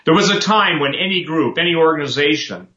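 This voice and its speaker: A man talks with sermon-like fervor, pressing each point through emphatic repetition. His voice sits somewhat high and comes out forceful and bright. The recording is roomy and dull, with a lo-fi quality. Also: lively intonation, a little fast. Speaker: talk show host. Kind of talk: impassioned preaching commentary.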